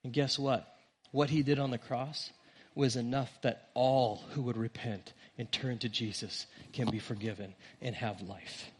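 A man's voice: mid-range voice, fairly even intonation, a little slow, slight background noise. Earnest male pastor preaching. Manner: earnest preaching, rising on emphasis, dropping softly at phrase ends. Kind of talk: sermon.

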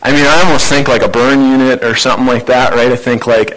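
Male pastor, mid-pitched, conversational sermon with animated emphasis. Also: fairly quick, low-quality recording. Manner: conversational preaching with rhetorical questions.

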